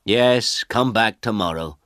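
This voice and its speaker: A man's voice: lowish voice, takes it slowly, fairly bright tone, dry recording, studio quality, voice pushed up. A man voicing a curt male government official with a brusque, dismissive manner.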